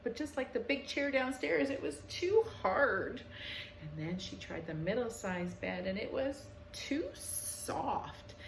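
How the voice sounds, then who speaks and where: Woman storyteller reading a children's tale, lively pitch, echoey room. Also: slow pace, vocal fry, a little hiss or hum. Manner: animated and expressive.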